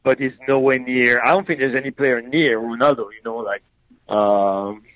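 A man's voice: mid-range voice, fairly even intonation, normal speed, phone-quality sound. A man chatting casually about football, hesitant, with many fillers and restarts. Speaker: football pundit. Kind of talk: casual sports chat.

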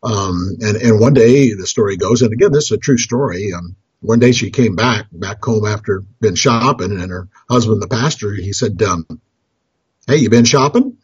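A very husky, breathy man talks about budgeting as a financial counselor. He rambles, restarts his phrases and chuckles along with his own stories. The recording is dry and close, with a dull lo-fi sound. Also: fairly low pitch, moderate pace, hardly any pauses, no echo. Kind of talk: storytelling talk on budgeting.

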